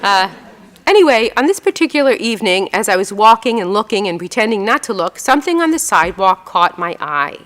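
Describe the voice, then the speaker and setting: A woman, an author telling chatty, self-mocking stories to an audience and trying on quick voices for people she describes. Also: mid-range voice, big pitch swings, fairly bright tone, big-room sound. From New York. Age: 60s. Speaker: author giving a talk. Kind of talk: storytelling talk with slides and a reading. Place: event hall before an audience.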